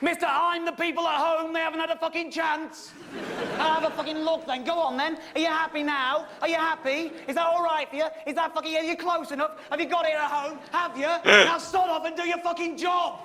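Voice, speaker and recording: A man's voice: extremely high pitch, level tone, brisk, bright, forceful tone. A man doing stand-up storytelling on stage, sweary and full of profanity. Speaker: stand-up comedian. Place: stage in front of a live audience.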